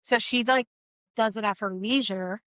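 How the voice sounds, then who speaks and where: A woman's voice: medium pitch, normal speed, no room sound, rough recording. A middle-aged woman co-hosting a podcast, telling stories bluntly and profanely in casual chat. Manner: blunt and profane, lively storytelling. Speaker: podcast co-host.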